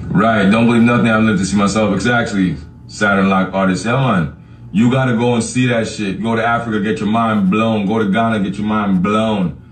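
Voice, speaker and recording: A man's voice: on the low side, fairly even intonation, a little fast, a little hiss or hum. A man hosting a podcast, ranting casually and profanely straight at his listeners, laughing often as he talks. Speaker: podcast host. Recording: echoey room, far from the mic.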